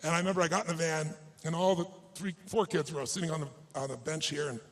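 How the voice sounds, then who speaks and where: A man's voice: a little high, quick pace, low-quality recording. Emphatic man giving a motivational talk. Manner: emphatic, shifts often between hushed and raised delivery. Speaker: motivational speaker. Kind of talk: live motivational speech with personal storytelling.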